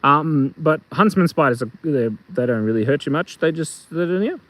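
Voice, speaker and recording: Middle-aged Australian host, high animated voice, joking casually on a live phone stream outdoors. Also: male voice, moderate pace, dry recording, rough recording. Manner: playful, rambling, tells jokes and reads chat aloud. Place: outdoors in the bush.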